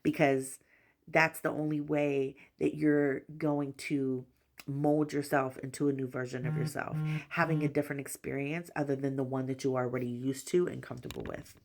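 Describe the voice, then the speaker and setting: A woman tarot reader giving a spiritual collective reading, talking gently and reassuringly in repeated affirmations, with frequent "you know" fillers. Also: rumbling low, steady tone, moderate pace, vocal fry.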